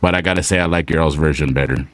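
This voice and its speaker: A young man from South Texas with a slight twang, hosting a casual live show and reading out viewer shout-outs. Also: a bass voice, steady tone, very fast, dry recording. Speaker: show host.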